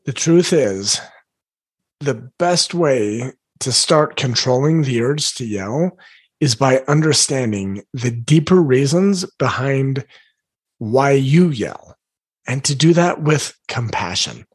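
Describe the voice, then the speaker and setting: A man coaching parents, talking earnestly and encouragingly about yelling at their teenagers, now and then clearing his throat. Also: mid-range voice, expressive, slow. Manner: earnest, encouraging, invites listeners gently.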